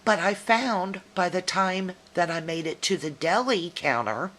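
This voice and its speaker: Slow, low-voiced chatty Southern woman. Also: lively intonation, a bit bright. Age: middle-aged. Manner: chatty, folksy storytelling. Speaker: vlogger. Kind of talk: casual chat to a viewer.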